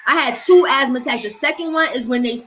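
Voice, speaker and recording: A young woman hosting a casual chat, telling a long story in an animated, streetwise, profane way. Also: high-pitched, fast talker, over a noisy crowd, poor audio. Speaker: host.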